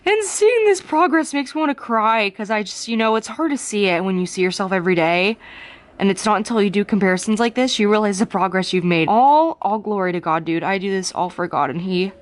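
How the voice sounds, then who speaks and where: A woman's voice: mid-range voice, fairly quick. A young woman vlogging at home about her competition prep, chatty and bubbly, talking into a handheld camera and often saying "dude". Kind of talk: casual vlog chat.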